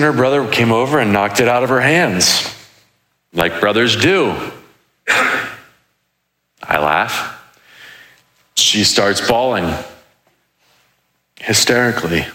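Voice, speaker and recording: A man's voice: on the low side, sharp tone. Twenty-something guy preaching, jokey and loose, roomy hall echo. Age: 20s. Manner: casual, joking, with restarts. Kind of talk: sermon with personal stories.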